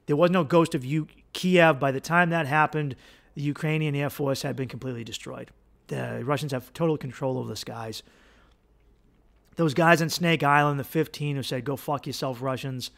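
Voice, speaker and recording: A man hosting a podcast, telling a rambling, profane comedic monologue and acting out characters in louder, higher bursts. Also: creaky. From United States. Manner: profane, rambling, acts out gang voices in a louder higher pitch. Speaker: podcast host.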